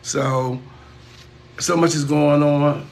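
An older man on a livestream, talking loudly, stammering and repeating himself, preaching about God and school. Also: a little high, steady tone, takes it slowly, vocal fry. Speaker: uncle on a livestream. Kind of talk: loud rambling livestream banter.

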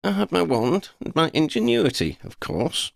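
A woman's voice: low voice, sing-song, normal speed, creaky, no echo, studio quality, voice pushed up, full character voice. A man voicing a confident, playful young witch who leads her friends with wry teasing.

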